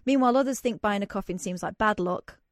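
A woman's voice: mid-range voice, fast talker, no echo, clean studio sound. A woman hosting a radio show, chatting casually and reading news aloud with joking asides. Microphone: studio microphone.

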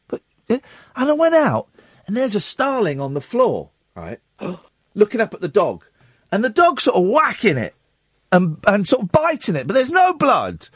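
Animated man hosting radio phone-in. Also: high-pitched, moderate pace, slightly rough, no echo, studio quality. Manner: animated storytelling, acts out voices. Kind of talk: late-night radio phone-in chat. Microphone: studio microphone.

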